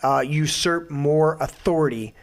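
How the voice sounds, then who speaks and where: A man hosts his own show and rants with heavy swearing and indignation. His voice sits slightly high for a man, and he pushes hard on his angry points. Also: unhurried. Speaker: host. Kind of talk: profane political rant.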